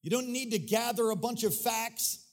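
Fervent high-voiced male preacher. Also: normal speed. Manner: fervent preaching, sing-song cadence, repeats phrases. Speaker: pastor. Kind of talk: sermon. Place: church sanctuary. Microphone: handheld or stage mic.

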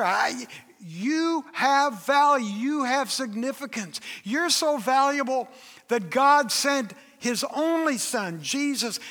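A man's voice: extremely high pitch, a bit bright. An older man preaching a sermon as pastor, emphatic, acting out quoted voices. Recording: reverberant hall.

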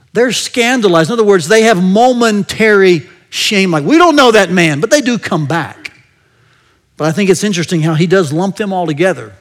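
A man preaching a conversational sermon, engaging the listeners with frequent rhetorical questions and letting many phrases trail off into a soft murmur. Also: sits high.

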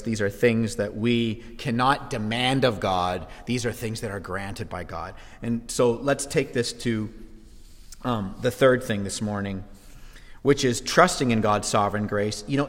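A man preaching a sermon as pastor, swinging from quiet asides to shouted exclamations. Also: mid-range voice, unhurried. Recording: long hall reverb.

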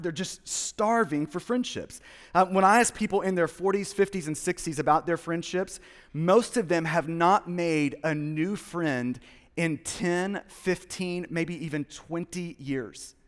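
High-voiced male pastor in a reverberant hall. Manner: earnest, repeats words and restarts often. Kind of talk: sermon.

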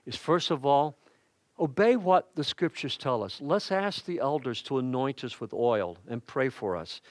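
Folksy pastor, dry close sound. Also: male voice, medium pitch, lively intonation, a little slow, dry recording. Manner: folksy and conversational, with personal asides and humor. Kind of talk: sermon. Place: church.

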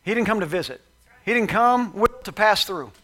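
A male pastor preaching an animated, conversational sermon who slips into acted-out quotes. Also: sits high, moderate pace.

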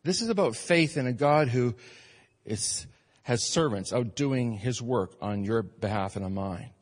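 A male pastor delivering a sermon to his congregation with an emphatic preaching manner. His voice sits at an ordinary middle pitch for a man. It rings out with the long reverb of a church hall. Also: unhurried. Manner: emphatic preaching, rising and falling in force.

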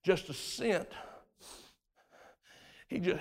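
A male preacher delivering a dramatic sermon, swinging between hushed storytelling and loud shouts, recorded in a church sanctuary. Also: high voice, slow pace, vocal fry, long pauses, slightly rough. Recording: reverberant church hall.

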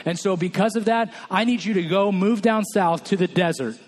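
A man's voice: high voice, normal speed. A male pastor from California preaching a sermon, telling a personal story with quoted dialogue.

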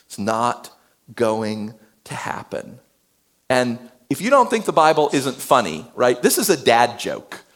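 Animated male preacher, lively pitch. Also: a little slow. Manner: animated, swings between loud and hushed. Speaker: pastor. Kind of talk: sermon.

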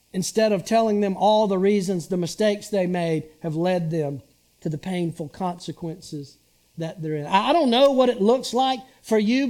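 A pastor in his sixties delivers a sermon, talking with his congregation as much as to it and checking in with rhetorical questions. He is a man with a high-pitched voice and an unhurried, deliberate pace. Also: darkish tone.

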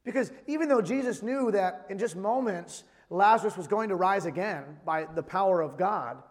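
A man's voice: high-pitched, moderate pace. A man in his thirties preaching a sermon with emphatic delivery, reading scripture aloud in between. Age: 30s. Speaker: pastor. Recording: long hall reverb.

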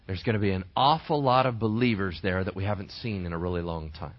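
A man preaching a sermon as a pastor, conversational and animated, asking the congregation rhetorical questions. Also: low-pitched, fast talker. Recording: dull lo-fi dry recording.

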